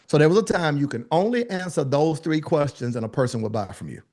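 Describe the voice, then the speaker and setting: Lively man coaching a workshop crowd. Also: a little high, fast. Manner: animated, joking asides, talks to the room directly. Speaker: business speaking coach. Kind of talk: live workshop teaching.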